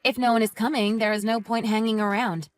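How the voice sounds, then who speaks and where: A woman plays a patient, even-tempered young mother in a text-message story. Her fairly high voice moves expressively, close to the mic in a dry space. Light music plays underneath her. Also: a little fast, no echo, natural voice. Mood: calm. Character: patient, polite young mother, calm and reasonable.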